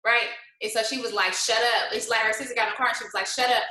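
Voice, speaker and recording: A woman's voice: fairly high pitch, steady tone, very fast, bright, forceful tone, reverberant, poor audio. A woman hosting a casual live-stream pep talk at home, firing rhetorical questions and mixing faith-based encouragement with colloquial asides and frequent laughter. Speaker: motivational host. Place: indoors at home.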